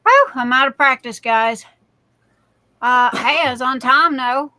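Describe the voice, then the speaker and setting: A high, bright-toned woman hosts a relaxed live stream and takes her time, with fillers trailing between her words. Her sound is close and dry. She greets her viewers by name in a chatty, folksy way, full of playful catchphrases. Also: a little slow, dry recording. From Louisiana, USA. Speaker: livestream host.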